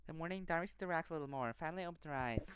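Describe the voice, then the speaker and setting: A woman streamer reads a visual novel aloud on a stream, narrating fast and with feeling. Her voice sits on the low side, and faint game music runs underneath. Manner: quick, expressive reading with emotional reactions.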